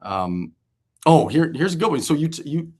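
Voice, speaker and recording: A man around forty, a former pitcher guesting on an interview show, telling locker-room stories in a loose, animated way, swearing freely and laughing as he goes. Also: normal speed, slightly rough. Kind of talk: casual storytelling interview.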